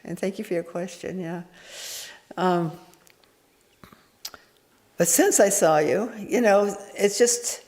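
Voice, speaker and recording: A woman Zen teacher giving an informal dharma talk, meandering and candid, with many restarts and soft chuckles. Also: on the low side, slow, pauses often. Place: meditation hall. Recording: echoey hall reverb.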